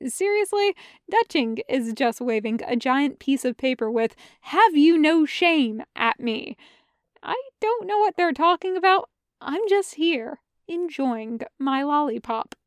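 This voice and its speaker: A woman's voice: high voice, lively intonation, unhurried, no echo, studio quality, voice pushed up. A woman voicing a cocky young man who vlogs candy reviews, wry and swearing casually. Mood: cheeky.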